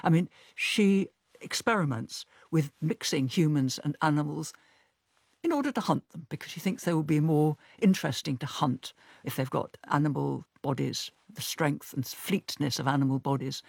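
A man's voice: on the high side, normal speed, gravelly, no echo, clean studio sound. A man interviewing an author, asking probing, reflective questions about his book.

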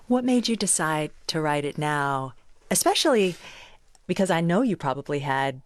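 A woman interviewer asking calm, reflective questions. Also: deep voice, normal speed, dry recording.

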